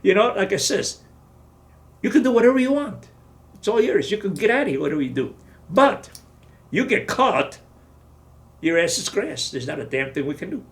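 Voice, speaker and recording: Older man putting on a blunt, barking army colonel, gravelly and profane, higher than his own voice. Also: expressive, quick pace, a bit bright. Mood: lecturing. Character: gruff blunt male army colonel, senior officer.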